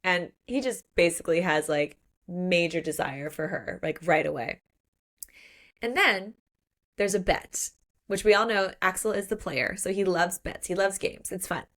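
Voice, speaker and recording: A woman's voice: lowish voice, steady tone, unhurried, fairly bright tone. A young woman co-hosting a podcast, chatting casually and acting out characters' lines as she retells a story. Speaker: podcast co-host. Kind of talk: casual book recap chat.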